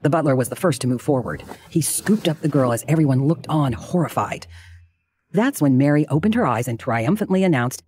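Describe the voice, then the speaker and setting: A man narrating a true crime drama in a measured, dramatic storytelling manner. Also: a little high, expressive, darkish tone, husky.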